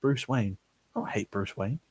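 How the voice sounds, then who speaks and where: A man's voice: fairly low pitch, normal speed, darkish tone, breathy edge, no echo. A man hosting a live stream, reading viewers' comments aloud and answering them bluntly with plenty of swearing. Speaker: channel host answering live chat. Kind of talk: casual live-stream chat.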